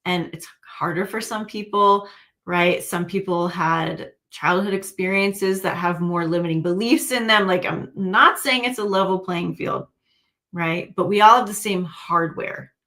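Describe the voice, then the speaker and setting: A woman's voice: lowish voice, unhurried. A woman hosting a livestream, talking casually and encouraging her viewers. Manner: encouraging, warm pep talk to viewers. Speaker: livestream host and intuitive coach.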